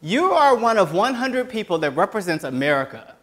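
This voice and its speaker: Male host, high pitch, fiery sarcastic solo rant. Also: big pitch swings, fairly quick. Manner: impassioned, sarcastic, breaks into yelling. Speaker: host of a web commentary show. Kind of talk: solo political commentary rant.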